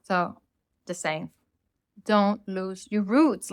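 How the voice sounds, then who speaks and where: A woman's voice: medium pitch, unhurried, a bit bright, clean tone, no echo. Blunt Latina woman ranting, dry sound. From Latin America. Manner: blunt, opinionated ranting with casual swearing. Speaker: podcast host. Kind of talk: solo rant podcast.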